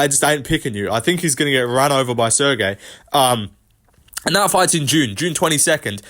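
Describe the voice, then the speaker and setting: A man's voice: a little high, fairly bright tone. Brash, profane young man ranting about fights. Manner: profane, rapid, brash slang-heavy ranting. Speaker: host. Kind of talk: MMA commentary rant.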